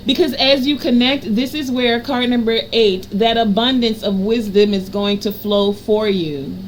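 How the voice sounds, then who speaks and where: Woman doing a card reading, kinda high voice, calm and affirming, repeats stuff in lists, bit of faint noise in back. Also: a little slow, poor audio. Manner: soothing, affirming, repetitive list-like cadence. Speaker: energy reader and healer. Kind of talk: tarot card reading for a general audience.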